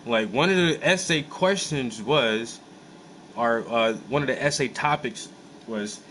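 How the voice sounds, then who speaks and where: A man's voice: medium pitch, a little slow, a little hiss or hum, low-quality recording. Laid-back man telling a story with slang. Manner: animated, profane, laid-back storytelling with many fillers. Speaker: host. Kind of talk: casual storytelling.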